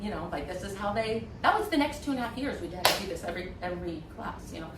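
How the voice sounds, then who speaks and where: A woman guest telling her story in a candid, animated way, acting out voices with many fillers. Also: medium pitch, fast talker, noisy background. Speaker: interview guest, former acting student. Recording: echoey room, voice from a distance.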